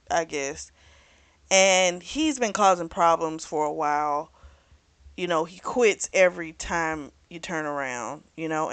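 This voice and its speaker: A woman casually retelling a novel's plot in a book review, chatty and full of "you know", raising her voice when she quotes characters. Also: fairly low pitch. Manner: acts out characters' lines in a raised voice.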